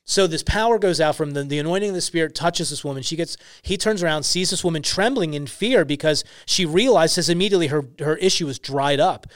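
A man's voice: a little high, brisk, hardly any pauses, no echo, clean studio sound. A young man speaking as a guest on a faith podcast, telling Bible stories in an earnest, emphatic way with many fillers. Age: young adult. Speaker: podcast guest, ministry founder. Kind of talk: casual faith podcast talk.

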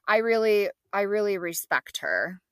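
A woman's voice: mid-range voice, big pitch swings, unhurried, a bit bright, no room sound, studio quality. A woman co-hosting a podcast in casual chat, talking in a chatty, agreeable way. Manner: chatty, agreeable, laughs along. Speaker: podcast co-host.

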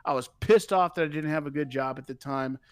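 A man telling a story on a podcast in casual, profane chat, animated and laughing as he talks. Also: a little high, brisk, smooth, dry recording. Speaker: podcast co-host.

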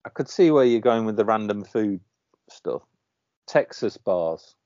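A man's voice: lowish voice, normal speed, a little mellow, dry recording. A man co-hosting a casual podcast chat, rambling and hesitant, full of ums and uhs. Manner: rambling, hesitant with many fillers. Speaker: podcast co-host. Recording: dull lo-fi dry recording.

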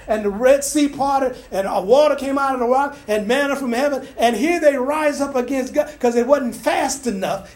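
Very high-voiced older man preaching. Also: darkish tone. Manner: conversational, colloquial, restarts and acts out scripture. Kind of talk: informal sermon.

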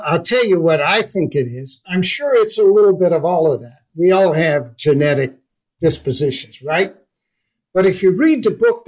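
An older man from the Netherlands, a guest in an interview, telling a personal story in a lively way and acting out the lines of the people in it. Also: fairly high pitch, low-quality recording. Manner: animated storyteller who acts out dialogue. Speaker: guest investor.

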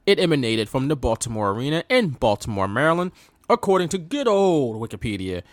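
A man's voice: medium pitch, very animated, a little fast, no echo. Chatty male podcast host. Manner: chatty, laughs often, loose fillers. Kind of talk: casual chat.

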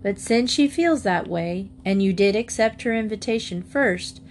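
A woman reading aloud plays a gentle storybook mother. She speaks slowly and carefully, close to the reader's own voice. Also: medium pitch, expressive, slight background noise, close to an everyday voice. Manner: slow, careful. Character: gentle, measured mother Mrs Porter.

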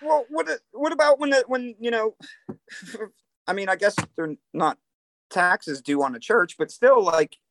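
A man's voice: high-pitched, animated, a little slow, a bit bright. A man talking on a phone or video call in a casual chat, blunt and indignant, swearing and laughing between his points.

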